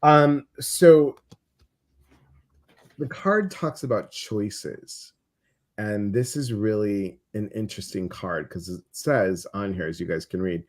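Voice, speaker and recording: A man's voice: lowish voice, takes it slowly, a little mellow. A man with a Midwestern American accent co-hosting a spiritual livestream in casual, playful chat, often repeating his words over a video call.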